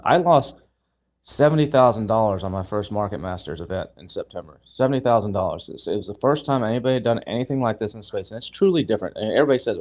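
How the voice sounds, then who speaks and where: A man on a live video call, telling long stories in a casual, animated way, restarting and repeating words and acting out what people said. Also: lowish voice, fast talker. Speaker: guest speaker, event founder.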